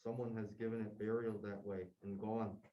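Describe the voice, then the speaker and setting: A man's voice: fairly low pitch, little pitch movement, moderate pace, close to an everyday voice. A young man, a student in a classroom, reading the part of a nervous, rambling male sentry and stumbling over words as he goes. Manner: rambling, stumbling read-aloud. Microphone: distant room mic. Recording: dull, distant classroom recording.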